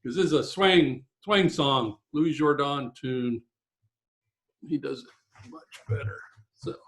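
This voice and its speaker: A man's voice: mid-range voice, animated, slow, faint music behind. A man leading a ukulele group over a video call, chatting casually and explaining his strumming as he plays. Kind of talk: casual chat and strumming instruction. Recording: echoey room with loud ukulele. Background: ukulele playing.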